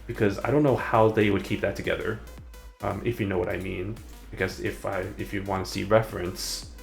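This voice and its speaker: A man's voice: lowish voice, creaky. A man streaming and chatting casually, rambling and hesitating as he corrects himself mid-sentence. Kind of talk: casual live-stream commentary.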